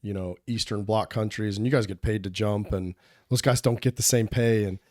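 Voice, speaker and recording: A man's voice: fairly low pitch, fairly even intonation, moderate pace, a little mellow, no echo, clean studio sound. A man hosting a podcast, asking his guest easygoing questions. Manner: easygoing questions, says "you know" often. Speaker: podcast host. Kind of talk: casual interview.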